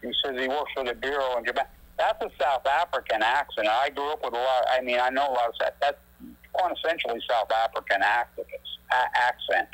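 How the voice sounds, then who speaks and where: A man talking as an activist guest in a casual phone conversation, animated and emphatic, ranting with rising indignation. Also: medium pitch, poor audio. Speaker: anti-nuclear activist guest.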